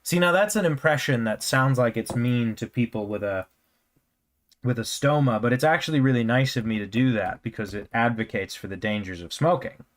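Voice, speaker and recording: A man's voice: medium pitch, a little fast. A man chatting casually while drawing on a live stream, rambling with jokey self-mocking asides and a scratchy throat. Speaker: cartoonist streamer.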